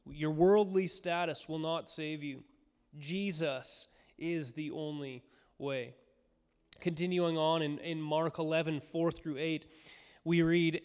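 A pastor delivers a sermon at an unhurried, measured pace. His voice is smooth and resonant, and it rings with a long hall reverb. He speaks earnestly, then rises into fervent, higher cries as he voices the crowd.

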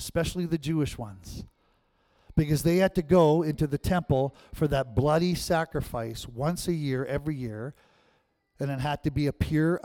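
A man preaching a sermon as pastor, animated and often checking in with the congregation. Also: a little high.

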